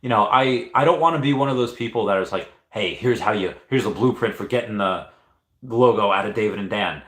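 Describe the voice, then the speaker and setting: Male streamer, 30s, lowish voice, casual and halting, echoey room. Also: fairly bright tone. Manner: hesitant, restarts often, reads chat aloud. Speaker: livestream host. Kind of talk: rambling casual livestream chat.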